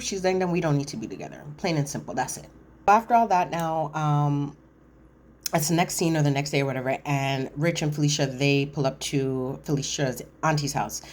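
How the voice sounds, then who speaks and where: A woman casually recapping a reality TV episode, chatty and animated, acting out cast members' lines and correcting herself as she goes. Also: deep voice. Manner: animated, quotes cast members in voiced asides; chatty, frequent fillers and self-corrections.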